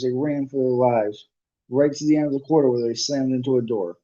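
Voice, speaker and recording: A man's voice: mid-range voice, a little fast, dark tone. Guy reading a book aloud, casual with slips, muffled lo-fi audio. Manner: unpolished, with restarts and asides. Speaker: reader. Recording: dull lo-fi recording.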